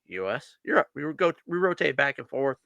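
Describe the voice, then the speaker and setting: A man's voice: medium pitch, big pitch swings, a little fast, gravelly, sharp tone, no echo, highs cut off. A man co-hosting a casual beer-drinking podcast chat, riffing emphatically and profanely. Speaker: podcast co-host.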